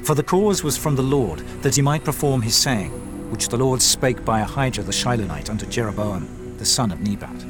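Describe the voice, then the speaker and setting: A man's voice: mid-range voice, animated. Male narrator reading scripture over music. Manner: measured, formal reading. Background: faint music.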